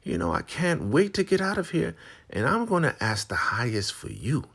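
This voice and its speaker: A defiant older woman of a cult, shrill and lofty in every line, as a deep-voiced man puts her on in falsetto. She sounds sure she will be saved and relishes the thought of others suffering. The voice sits far above a man's natural register. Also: huge pitch swings, normal speed, a bit bright, husky, full character voice. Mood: scornful.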